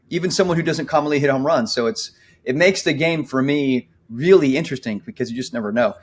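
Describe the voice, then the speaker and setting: A man's voice: medium pitch, quick pace, slightly rough. A man in his forties co-hosting a podcast, talking earnestly and reflectively and acting out his own inner thoughts. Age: 40s. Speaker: podcast co-host. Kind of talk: casual podcast conversation.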